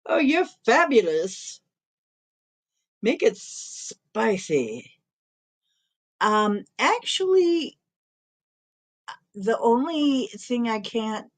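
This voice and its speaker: A middle-aged woman hosting a live stream in casual chat, rambling and chuckling often as she reads comments and talks to her cat. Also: medium pitch.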